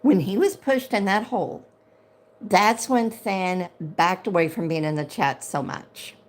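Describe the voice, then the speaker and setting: Speaking unhurriedly in a medium-pitched voice, a middle-aged woman runs a casual livestream and moderates its chat. Her tone is chatty yet indignant, and she says things again when she gets worked up.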